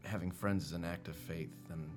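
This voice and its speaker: Deep-voiced man playing a tabletop game. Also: fairly even intonation, brisk, darkish tone, faint music behind. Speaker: player. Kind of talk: in-character tabletop role-play.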